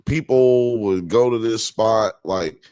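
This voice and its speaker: A man's voice: fairly low pitch, slow pace, mellow, clear, resonant tone, no room sound, clean studio sound. A man hosting a live-streamed talk show, chatting casually and profanely, joking with the audience and reading chat comments aloud.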